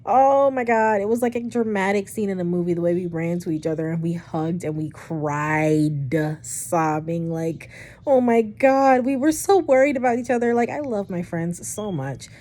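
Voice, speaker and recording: Young woman, storytime vlogger, rambling casual chat, mellow voice, middling pitch. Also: normal speed. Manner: chatty, rambling, swearing, animated retelling.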